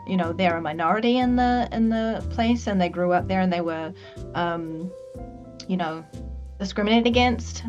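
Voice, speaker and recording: A woman talks in a relaxed, conversational way, her voice sitting low. She thinks aloud and laughs easily. The stream audio is muffled and lo-fi, with faint music playing behind her. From New Zealand. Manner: reflective and conversational, laughs often. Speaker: VTuber guest. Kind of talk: casual chat.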